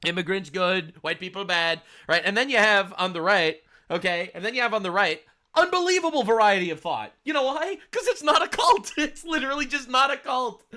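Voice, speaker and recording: A man giving loud, mocking, profane political reaction commentary, laughing at the clips he plays. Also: very high-pitched, expressive, brisk. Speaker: commentary streamer.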